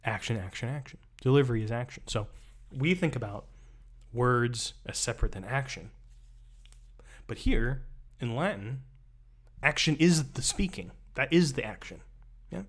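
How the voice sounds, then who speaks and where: A man's voice: mid-range voice, lively intonation, measured pace. A man, a rhetoric professor, doing a live-streamed close reading, reading passages aloud and breaking off into wry, chatty asides.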